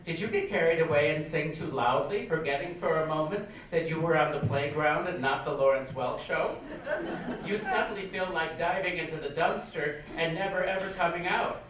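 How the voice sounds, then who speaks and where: A man reading his nostalgic story aloud on stage in a large hall, with wry, expressive comic timing. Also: fairly high pitch, normal speed. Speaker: reader, storyteller. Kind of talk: live stage reading of a memoir. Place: large performing arts hall. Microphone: far camera. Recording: echoey hall from far off, faint noise.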